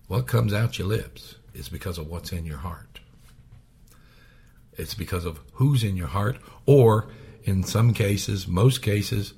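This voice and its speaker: A man preaching a sermon, swinging from loud raised passages to hushed whispers. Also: lowish voice, takes it slowly, husky.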